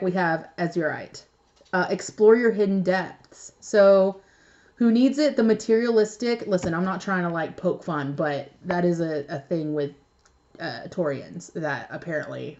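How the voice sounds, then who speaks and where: A woman's voice: on the low side, a little mellow, muffled recording. Chatty, swearing young woman reading tarot. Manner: chatty, swears freely, laughs often. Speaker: tarot reader. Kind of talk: casual tarot reading vlog.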